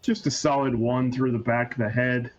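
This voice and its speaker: A man's voice: mid-range voice, steady tone, moderate pace. A man player in a tabletop game, speaking briefly and matter-of-factly. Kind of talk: casual tabletop game play. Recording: muffled audio.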